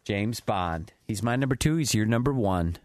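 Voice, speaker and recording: A man's voice: on the low side, lively intonation, normal speed, a little mellow, no echo. A man co-hosting a casual talk show, teasing and wisecracking. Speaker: co-host. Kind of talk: casual banter.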